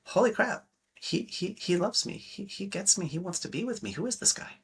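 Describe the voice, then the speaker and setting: A man voicing a disbelieving woman in love, breathless and incredulous, pitched high. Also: lively intonation, a little fast, gravelly, slightly rough, recorded from a distance, heavily acted. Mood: amazed.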